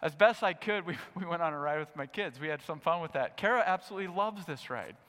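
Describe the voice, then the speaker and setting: A middle-aged man preaching a sermon, animated and acting out his own reactions in a raised voice. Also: fairly high pitch, fast talker. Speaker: pastor. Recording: long hall reverb.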